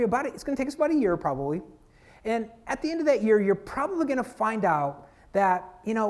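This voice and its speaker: A man from Florida giving a conference keynote talk, telling stories and working the audience with questions. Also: sits high. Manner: lively storytelling, works the audience. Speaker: keynote speaker. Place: conference hall.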